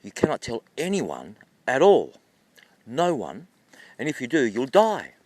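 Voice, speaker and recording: A man's voice: mid-range voice, wildly swooping pitch, unhurried, darkish tone, no echo. A man voicing a stern magical golden bird in a told folk tale, giving a warning.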